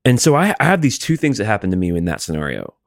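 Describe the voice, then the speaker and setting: A man's voice: lowish voice, big pitch swings, quick pace, gravelly, no echo, clean studio sound. A man in casual chat, reflective and filling his speech with "like" and "you know". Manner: reflective, heavy use of "like".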